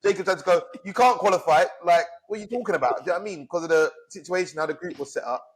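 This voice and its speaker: A man tears through an angry rant at a rapid clip. His voice sits notably high, and he curses freely and keeps pushing his point as a podcast co-host. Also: breathy edge. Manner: angry, swearing, fired up. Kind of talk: heated casual rant.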